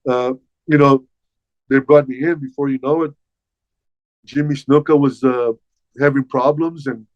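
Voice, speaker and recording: An older man, a former wrestler, telling stories as an interview guest in a lively way, stumbling over and repeating his words. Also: mid-range voice, measured pace, no room sound. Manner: animated, repeats words while recounting past dialogue. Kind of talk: casual storytelling. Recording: dull, slightly muffled dry sound.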